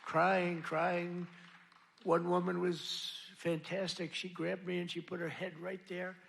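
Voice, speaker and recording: A man delivers a boastful, rambling rally speech into a podium microphone, circling back and repeating phrases. His voice sits high, with a gravelly edge and a bright, forceful tone. A faint crowd murmurs behind him. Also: little pitch movement, slow. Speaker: political speaker at a rally. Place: large rally venue.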